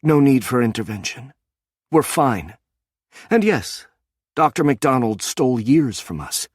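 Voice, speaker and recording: A man's voice: medium pitch, expressive, measured pace, breathy edge, no echo, clean studio sound, pitched above the performer's own voice. A man voicing an earnest young woman.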